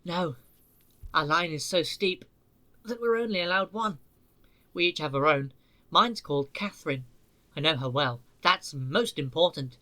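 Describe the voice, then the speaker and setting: A man voicing a calm, wise older male engine who talks in a gentle, thoughtful way. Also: fairly high pitch, a little slow, pauses often.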